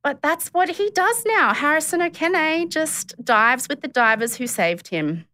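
A woman's voice: high-pitched, animated, a little slow, bright, forceful tone, dry recording, clean studio sound. A woman hosting a podcast, telling a story in a chatty way, with many fillers and laughs. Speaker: podcast host. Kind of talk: casual chat.

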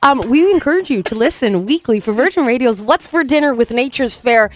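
A woman co-hosting a morning radio show, telling a story in an animated, chatty way and acting out the voices. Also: on the high side, brisk, no echo, faint music behind. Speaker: radio co-host.

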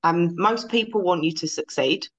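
A woman hosting a podcast, telling stories in a lively, casual way with the odd swear word. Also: on the low side, normal speed. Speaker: podcast host. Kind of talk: casual interview chat. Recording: slightly dull, lo-fi sound.

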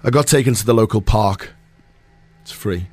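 A man's voice: on the low side, moderate pace, a little mellow, soft background music. A man hosting a radio show, chatting and joking casually with his co-host. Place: radio studio.

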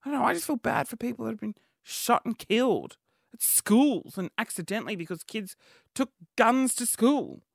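A young woman on a solo podcast, rambling through her thoughts in a loose, chatty way. Her voice sits a little on the high side, and the recording is close and dry, with no room sound. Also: normal speed, gravelly, no echo. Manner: rambling, chatty, full of restarts and asides. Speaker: podcast host. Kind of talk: casual solo podcast chat.

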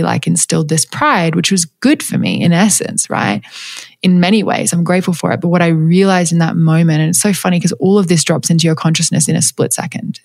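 Gravelly-voiced woman telling a personal story. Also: deep voice, darkish tone, no room sound, clean studio sound. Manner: reflective, candid, many fillers and restarts; laughs lightly mid-story. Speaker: storyteller sharing a personal spiritual experience.

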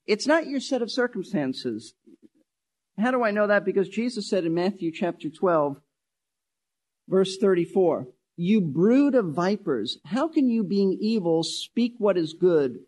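A man with a notably high-pitched voice preaches to his congregation. He drives points home by repeating key phrases, speeding up and slowing down for emphasis. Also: very animated, darkish tone. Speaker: pastor. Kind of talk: sermon.

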